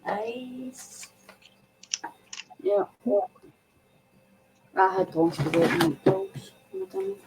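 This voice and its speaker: A woman's voice: medium pitch, very animated, very slow, pauses often, background noise. A woman chatting casually as a guest on a video call, laughing through her own little story. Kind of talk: casual chat.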